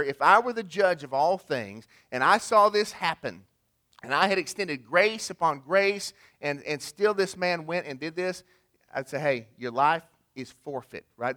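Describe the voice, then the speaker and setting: A man's voice: a little high, bright, forceful tone. A man preaching a sermon in a conversational way, asking the congregation rhetorical questions. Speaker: pastor.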